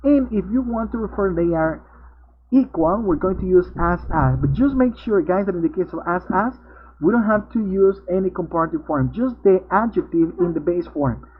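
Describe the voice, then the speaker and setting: A man's voice: high voice, animated, normal speed, slightly rough. A male English teacher, patiently explaining grammar step by step in an online class. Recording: tinny narrowband video-call audio.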